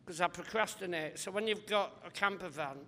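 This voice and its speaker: A male comedian guest on a live podcast interview, telling rambling, animated anecdotes and acting out other people's voices. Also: sits high, fairly quick, in a large hall.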